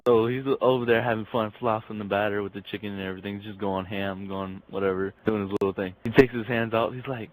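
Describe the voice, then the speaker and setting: A man's voice: on the low side, fast talker, few pauses, rough recording. A young man casually telling crude jokes, rambling and laughing at his own punchlines. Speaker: joke teller.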